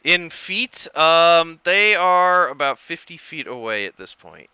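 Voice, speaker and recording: A man narrating as game master of a tabletop session, relaxed and halting with many fillers. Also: on the high side, clear, resonant tone, no room sound, muffled recording.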